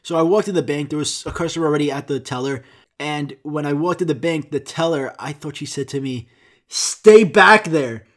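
A man's voice: fairly high pitch, steady tone, fast talker. A man hosting a podcast, telling a comic story in a rambling, profane way and acting out the quotes. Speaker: podcast host.

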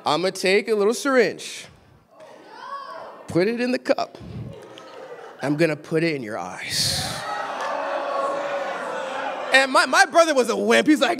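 High-voiced young preacher from Los Angeles. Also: male voice, very animated, normal speed, gravelly, background noise. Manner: storytelling, swings from quiet asides to shouted exhortation. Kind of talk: sermon. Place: church sanctuary.

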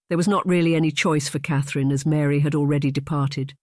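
A man narrating an audiobook in a steady, measured reading. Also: a little high, no room sound, studio quality.

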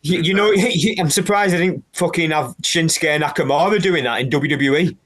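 A man co-hosting a podcast, trading lively banter, swearing freely and ending his remarks with tag questions. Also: fairly high pitch, fairly quick. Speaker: podcast co-host. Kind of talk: casual chat.

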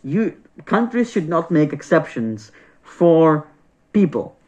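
A man's voice: fairly high pitch, big pitch swings, takes it slowly, darkish tone. A man vlogging a casual opinion rant, exasperated and profane, repeating himself as he talks. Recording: dull lo-fi sound.

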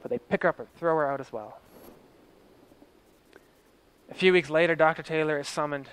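A man's voice: fairly high pitch, quick pace, slight background noise. A man telling a story in a vivid present-tense style, swelling and dropping his voice for drama.

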